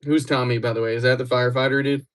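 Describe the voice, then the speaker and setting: A man's voice: medium pitch, little pitch movement, racing. A young man from Wisconsin who livestreams, chatting casually with viewers in a loose, rambling, teasing way. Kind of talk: casual live chat with viewers.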